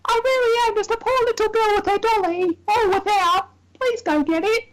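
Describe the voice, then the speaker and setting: A man voicing a pleading little girl with a Cockney accent, in a high, squeaky, overly sweet voice. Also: steady tone, moderate pace, slight background noise.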